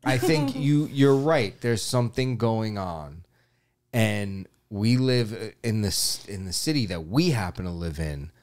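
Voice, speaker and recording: Lively mid-pitched man swearing through a story. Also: a little slow. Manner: expressive, profane, laughs through his stories. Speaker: podcast host. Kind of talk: casual chat.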